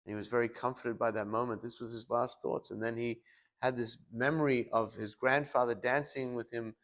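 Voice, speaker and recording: Male rabbi, sermon delivery, animated storyteller who acts out the voices he quotes. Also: mid-range voice, fairly quick.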